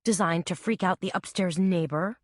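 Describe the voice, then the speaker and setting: A brash New Orleans woman with a lazy drawl and a low, dry voice, as a woman reads her in a mystery audiobook. Her accent is New Orleans, her talk unhurried and bold. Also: dry recording, lightly acted. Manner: quiet drawl. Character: sleepy, brash Southern woman, shop owner.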